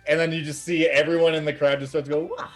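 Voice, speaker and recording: A man's voice: a little high, level tone, rapid-fire, faint music behind. A man narrating as game master in a loose, chatty way, with many fillers.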